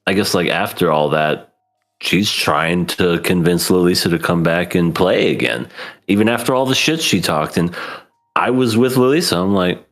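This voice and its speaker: A man's voice: low-pitched, animated, moderate pace, a bit bright. A man co-hosting an anime podcast, chatting casually, laughing often and acting out characters' lines. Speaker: podcast co-host. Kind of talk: casual anime review chat.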